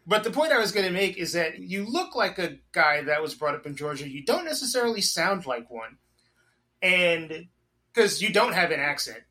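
A man hosting a podcast, chatting casually and cracking quick jokes between his points. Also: high-pitched, big pitch swings, bright, forceful tone. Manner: joking, laughs easily, cuts in with quips. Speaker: podcast host. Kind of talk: casual conversation.

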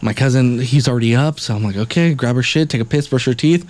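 A man's voice: mid-range voice, quick pace, a little mellow. Swearing man telling a rambling story. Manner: rambling, heavy swearing, acts out quotes. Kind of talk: casual storytelling, podcast chat.

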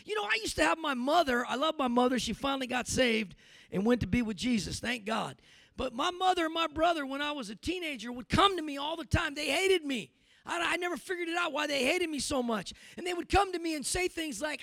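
A middle-aged male pastor delivering a sermon in a very high, gravelly voice. He moves from hushed storytelling to loud, punchy preaching, dropping amens as he goes. The sound is dry and close. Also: animated, a little fast, dry recording. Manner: preachy, builds from quiet to shouting with repeated amens.

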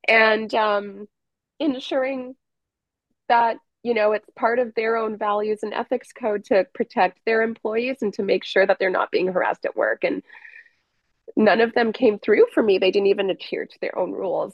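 A woman guest on a podcast, telling a painful personal story in a halting way with many restarts. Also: mid-range voice, no echo, highs cut off. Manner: halting, with restarts and trailing pauses.

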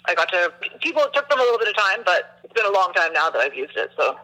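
A man speaking as a guest in a casual group discussion, with quick, eager interjections. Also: sits high, sing-song, bright, forceful tone, a little hiss or hum, poor audio. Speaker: panel guest.

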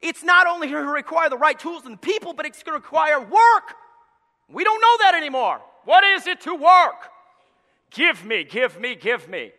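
A man preaching a sermon as pastor, telling the story with acted-out voices, going from quiet asides to loud shouts. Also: extremely high pitch, very animated, fairly quick. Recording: long hall reverb.

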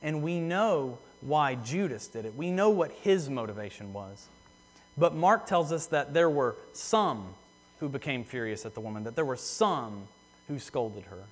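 A man preaching a sermon in earnest, repeating phrases for emphasis and slowing down on key words. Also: medium pitch, animated. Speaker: pastor. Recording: long hall reverb.

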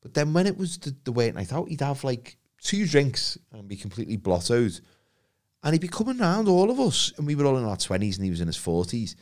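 A man's voice: mid-range voice, very animated, brisk, a little mellow. A man co-hosting a podcast, trading wry anecdotes in casual chat. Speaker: podcast co-host.

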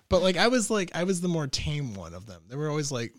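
Man, podcast guest, swearing storyteller, lively swooping pitch, dry close sound. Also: dry recording. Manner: profane, laughs often, acts out quotes. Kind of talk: animated storytelling.

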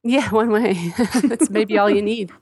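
A woman chatting casually on a gaming podcast, talkative and quick to laugh. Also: mid-range voice, steady tone, a little mellow, husky, dry recording. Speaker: podcast co-host. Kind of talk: casual chat.

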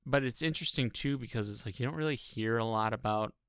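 A man's voice: medium pitch, quick pace, a bit bright, smooth, dry recording, clean studio sound. A man co-hosting a podcast, giving blunt opinions in casual chat and swearing freely. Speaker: podcast co-host. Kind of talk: casual chat recapping a reality show.

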